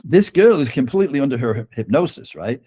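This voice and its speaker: Guy spinning a wild story on a podcast, middle pitch, super expressive delivery. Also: fast, husky. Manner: animated anecdote-telling with frequent laughs and "right?" tags. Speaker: podcast guest and author. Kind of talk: conversational storytelling interview.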